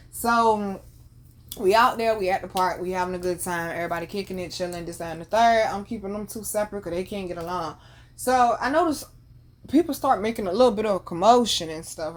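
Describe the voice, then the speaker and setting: A woman in her thirties hosting a podcast, telling a family story in casual, profane slang and laughing often. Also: medium pitch. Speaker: podcast host.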